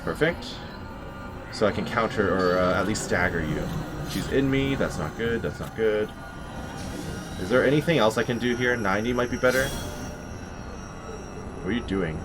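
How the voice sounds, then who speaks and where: A man provides let's play commentary on a horror game, his fairly low voice at normal speed and broken by frequent pauses. Wry as ever, he answers back to the enemies while game music plays behind him.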